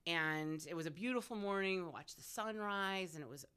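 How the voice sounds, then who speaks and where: A woman in her forties who hosts radio is chatting casually as a guest, her fairly low voice clean in tone and moderately paced. Lively and frank, she tells profane stories and laughs often.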